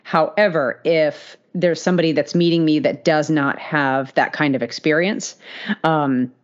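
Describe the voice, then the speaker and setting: A woman's voice: low voice, fairly even intonation, unhurried, highs cut off. A woman co-hosting a podcast, telling a story in casual chat, laughing often and filling gaps with "you know". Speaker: podcast co-host.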